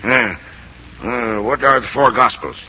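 A folksy rural old-timer. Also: male voice, mid-range voice, pushed and bright, husky, muffled recording, exaggerated voice. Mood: coaxing. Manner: folksy rural speech, halting with "uh". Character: homespun rural old man, fond and proud. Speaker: guardian teaching a girl. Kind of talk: 1940s film acting.

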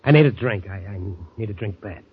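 A man's voice: mid-range voice, animated, moderate pace, noisy background, lightly acted. An actor playing a nervous, stammering, hard-drinking young man in an old radio drama. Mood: uneasy. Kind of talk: 1940s radio acting. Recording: dull old radio recording.

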